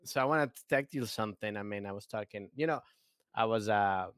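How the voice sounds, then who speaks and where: A man co-hosting a comedy podcast in casual chat, playful and laughing often as he acts out quick impressions. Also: on the low side, a bit bright, clean tone, no room sound, studio quality. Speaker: podcast co-host.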